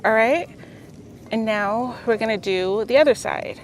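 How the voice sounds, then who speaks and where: Chatty woman with a bright, higher voice. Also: measured pace, a little hiss or hum. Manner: chatty, encouraging, checks in with "okay?" often. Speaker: vlogger leading beginner yoga. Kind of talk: casual instructional vlog. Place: outdoors on a beach.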